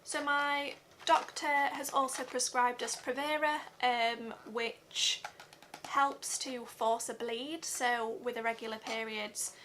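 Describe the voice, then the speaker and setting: A young woman giving an earnest personal vlog update, talking haltingly with many fillers. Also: fairly high pitch, steady tone, bright, forceful tone, a little hiss or hum. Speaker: vlogger.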